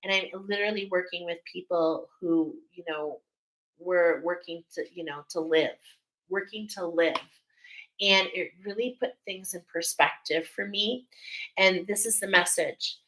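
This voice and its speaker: A middle-aged woman reads oracle cards live, her voice bright and clear. She talks to her viewers in a soothing, emotional way, warm and heartfelt. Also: lowish voice, measured pace, poor audio. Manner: emotional, soothing, drops to soft whispers at times. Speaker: oracle card reader. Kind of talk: live spiritual reading.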